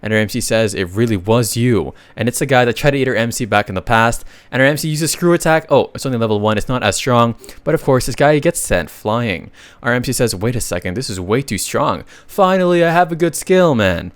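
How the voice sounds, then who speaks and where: A man's voice: mid-range voice, a little fast, hardly any pauses, no room sound. A man narrating a comic recap in a casual, chatty way, reading out the dialogue and adding joking asides to viewers.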